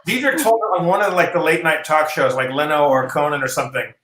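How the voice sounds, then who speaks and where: A man with a bright, forceful voice tells funny backstage stories in a casual video chat and acts out every quoted line with gusto. The sound is roomy and echoey, with a faint hiss behind him. His pitch sits a little higher than most men's. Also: fast talker. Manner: animated storyteller, acts out quoted lines. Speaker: improv comedian. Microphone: video call.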